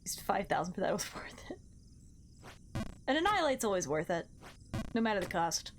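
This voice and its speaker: A woman's voice: mid-range voice, sing-song, normal speed, music in the background. A young woman live-streaming a game, chatting casually with her viewers and counting her jumps aloud in a bubbly, playful way.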